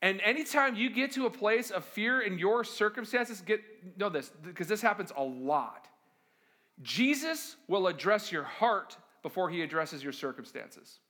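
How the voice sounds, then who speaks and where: Here a male pastor delivers his sermon at a moderate pace, his high, bright voice full of lively intonation that rises and falls a great deal. Chatting with the congregation and posing rhetorical questions, he acts out quoted figures dramatically.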